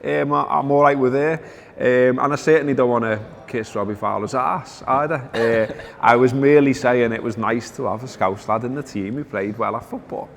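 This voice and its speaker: A man's voice: mid-range voice, steady tone, normal speed, gravelly, big-room sound, slight background noise. A man hosting a casual football chat, telling stories wryly, with lots of fillers. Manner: wry storytelling, reads out quotes, many fillers. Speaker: podcast host.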